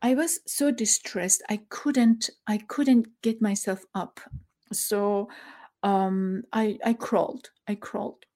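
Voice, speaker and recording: A middle-aged woman tells a personal story. She speaks haltingly and emotionally, stopping to search for words and using many fillers, and sounds close to tears. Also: mid-range voice, fairly even intonation, warm tone. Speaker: former journalist.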